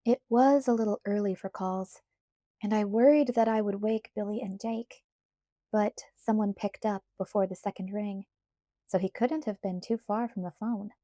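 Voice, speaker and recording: A woman narrating a novel aloud in the first person, in unhurried scripted storytelling. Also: mid-range voice, steady tone, dark tone, dry recording, clean studio sound. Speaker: audiobook narrator.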